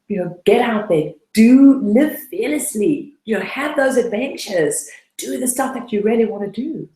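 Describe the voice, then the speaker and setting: A woman's voice: on the low side, darkish tone, roomy sound, low-quality recording. A woman coach giving a webinar talk, telling her own story in an earnest, personal way. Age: adult, past her late twenties. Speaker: debt-freedom coach.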